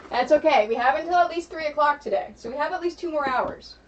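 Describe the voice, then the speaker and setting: A woman's voice: high-pitched, fast. Chatty American woman streaming from afar. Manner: chatty, explains stream rewards to viewers. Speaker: streamer host. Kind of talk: casual livestream chat while crafting. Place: home craft room. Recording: distant, dull lo-fi stream mic with faint noise.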